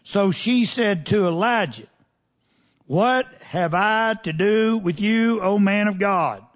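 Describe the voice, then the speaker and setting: Folksy preacher with a twang. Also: male voice, high voice, takes it slowly. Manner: reads scripture then comments in a folksy, conversational way; asks the congregation pointed questions. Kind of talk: sermon.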